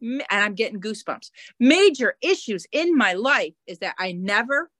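A woman on a podcast telling a personal story in a halting, emotional way, close to tears. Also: on the high side, very animated, fairly bright tone, no room sound. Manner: tearful, halting, repeats words. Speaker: podcast guest.

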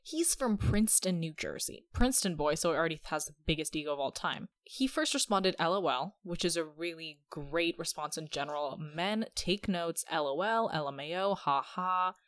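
A woman's voice: sits low, animated, moderate pace, few pauses, fairly bright tone, dry recording. A young woman hosting a podcast, telling stories in a chatty, sarcastic way. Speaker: podcast host. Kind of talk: casual chat.

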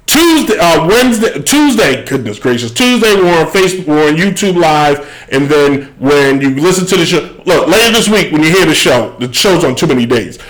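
Man hosting live sports talk, fairly high voice, digressive and self-correcting. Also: expressive, normal speed, few pauses, rough recording. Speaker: sports show host.

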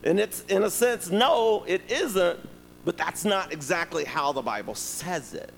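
Animated preacher in a reverberant hall. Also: male voice, high-pitched, unhurried, slight background noise. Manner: animated, conversational, addresses congregation directly. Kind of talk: sermon with storytelling.

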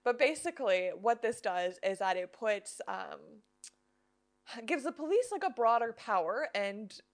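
A woman's voice: a little high, sing-song, a little slow. A woman co-hosting a faith-based podcast in a chatty, down-to-earth way. She keeps her explanations basic and often checks in with her listeners. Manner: chatty, explains simply, frequent "you know" and "right?". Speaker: podcast co-host. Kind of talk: casual faith-based chat.

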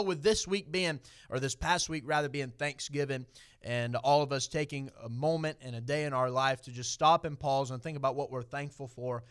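A man's voice: mid-range voice, clean tone. A middle-aged man with a Southern US accent preaching a sermon in a folksy way, repeating phrases and building to emphatic points.

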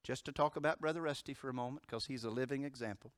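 A man preaching a sermon as pastor, moving from loud emphatic declarations to hushed storytelling. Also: mid-range voice, quick pace, dry recording, studio quality.

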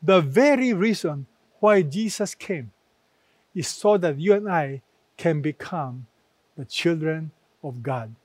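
Male preacher, sermon, slow deliberate delivery, slightly high voice, dry close sound. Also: lively intonation, darkish tone, no echo. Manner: slow, emphatic preaching with repeated phrases.

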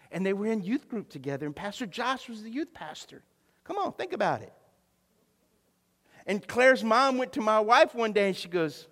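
A middle-aged man preaches a sermon from a church pulpit, his voice sitting a little high for a man. He shifts between relaxed storytelling and fervent, building declarations. A long hall reverb trails every phrase. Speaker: pastor. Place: church sanctuary.

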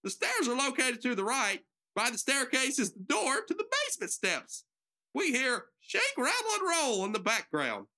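A woman's voice: high voice, big pitch swings, moderate pace, sharp tone. A nervous woman narrating stage directions for an amateur radio drama, giggling and making joking asides.

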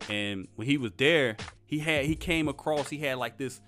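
A man's voice: mid-range voice, moderate pace, a bit bright, soft background music. A young man telling a work story in a casual, blunt, profane rant, defiant about a boss. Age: young adult. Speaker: vlogger.

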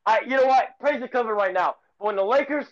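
A man co-hosting a casual sports podcast, ranting excitedly and rambling with repeated phrases. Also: very high-pitched, fast talker, lo-fi sound.

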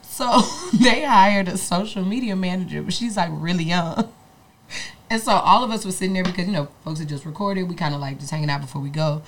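A woman's voice: fairly low pitch, fairly quick, slight background noise. A woman guest in casual podcast chat, rambling and laid-back with plenty of swearing.

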